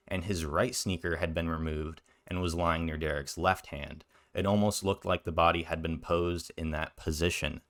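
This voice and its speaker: A man with a very low, deep voice talks through a video he is reacting to. He is blunt and scornful and throws in sarcastic jabs. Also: a bit bright. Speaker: commentary youtuber.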